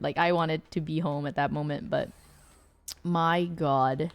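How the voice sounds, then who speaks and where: A woman streamer casually telling a story to her chat, animated and laughing often, acting out the lines of the people in it. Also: deep voice, a little slow, clear, resonant tone. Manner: animated, acts out quoted lines, frequent laughter. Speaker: rideshare driver.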